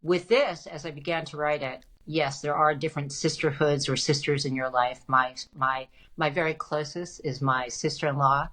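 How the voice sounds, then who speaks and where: A middle-aged woman author telling her story in an interview, animated and emphatic, with frequent restarts. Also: low-pitched, normal speed, hardly any pauses. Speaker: guest author. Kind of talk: conversational interview.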